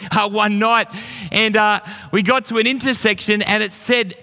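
A man's voice: high-pitched, steady tone, normal speed, pushed and bright. A man preaching a sermon as pastor, telling stories and encouraging his listeners earnestly. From Australia. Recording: long hall reverb.

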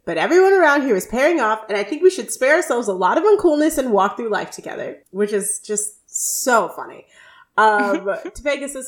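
A woman's voice: fairly high pitch, sing-song, brisk. A woman co-hosting a podcast, recapping a sitcom episode in casual chat and playfully acting out the quoted lines. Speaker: podcast co-host.

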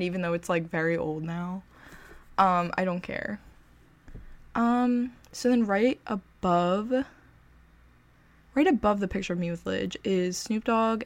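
Chatty young woman with vocal fry. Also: medium pitch. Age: young adult. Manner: chatty, self-deprecating, excitable fan. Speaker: vlogger. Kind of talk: casual storytelling to camera.

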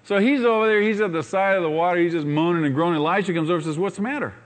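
A man delivers a sermon in a fairly high voice. He tells the story with energy and acts out the characters' lines. He keeps drawing the congregation in with rhetorical questions. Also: rapid-fire. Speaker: pastor.

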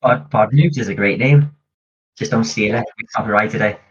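This man's voice sits fairly low and sounds slightly rough, at a moderate pace. Co-hosting a podcast, he chats casually and plans aloud, and the recording is dull and lo-fi.

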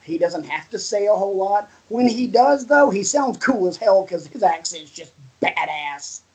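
A man co-hosting a podcast, excitable and animated, swearing casually in relaxed chat. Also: high voice, normal speed, breathy edge, poor audio. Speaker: podcast co-host.

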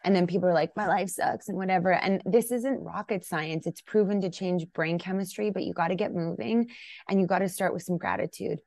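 A woman's voice: lowish voice, a little fast, darkish tone, dry recording. A woman in her thirties from Canada, a podcast guest talking casually and bluntly, jumping into raised voices to act out her own thoughts. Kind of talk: casual interview chat.

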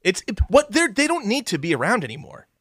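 A man co-hosting a podcast in loose, profane banter, slipping now and then into mocking voices. His voice sits a little higher than most men's. The recording is dry and close. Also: wildly swooping pitch, fast, fairly bright tone, no room sound. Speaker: podcast co-host. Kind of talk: casual chat.

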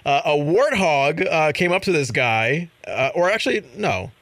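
A man hosting a casual chat show about viral videos, animated and laughing as he acts out quotes. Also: on the high side, normal speed, no echo. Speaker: show host.

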